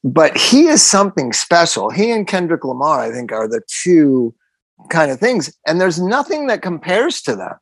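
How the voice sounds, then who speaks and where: A man's voice: on the high side, very animated, moderate pace, husky, dry recording. A man hosting a podcast, talking casually and emphatically, repeating phrases for effect. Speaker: podcast host.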